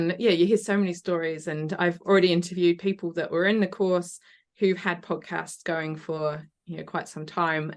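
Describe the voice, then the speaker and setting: A woman with a slightly low voice chats eagerly as a podcast guest. She talks in long, enthusiastic runs and laughs easily along the way. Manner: chatty, enthusiastic, laughs often. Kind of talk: casual interview chat.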